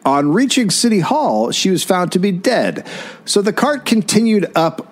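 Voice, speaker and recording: A man's voice: sits high, big pitch swings, moderate pace. A man hosting a comedy podcast, reading an old newspaper aloud drily with asides. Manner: dry reading, stumbles on hard words.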